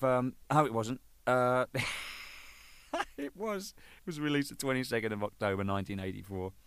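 An English man, a band's drummer, telling casual anecdotes in an animated way, swearing freely and joking at himself. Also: mid-range voice, no echo. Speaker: band drummer telling stories.

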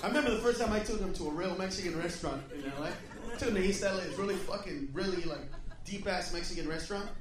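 High-voiced man doing stand-up, crowd roaring. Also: quick pace. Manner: profane, loud, acts out characters. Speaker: stand-up comedian. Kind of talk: stand-up comedy routine. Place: comedy stage before a laughing audience. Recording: roomy live venue, far mic, crowd noise.

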